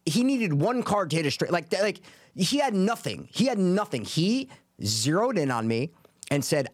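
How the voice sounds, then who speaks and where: A man on a podcast telling a poker story in an animated, casual way, swearing freely. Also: sits high, normal speed, dry recording, studio quality.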